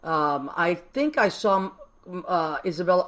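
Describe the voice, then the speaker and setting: A woman's voice: fairly low pitch, very animated, takes it slowly, pauses often. A woman from Massachusetts hosting a live call-in show, chatty, effusive and affectionate, rambling a little as she goes. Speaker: host.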